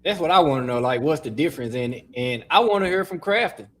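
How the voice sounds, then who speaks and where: A man co-hosting a podcast, asking questions in a relaxed, casual chat. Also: fairly high pitch, fast. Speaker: podcast co-host.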